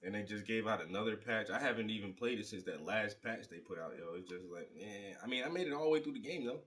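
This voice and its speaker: A man's voice: on the low side, quick pace, fairly bright tone, echoey room, distant mic. A man hosting a casual chat, talking loosely in slang and laughing often.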